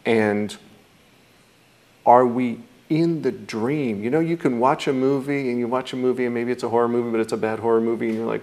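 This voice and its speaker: Gravelly-voiced man teaching mindfulness. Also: medium pitch, fast talker, a little mellow. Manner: thoughtful, acts out quoted reactions. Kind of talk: reflective teaching talk.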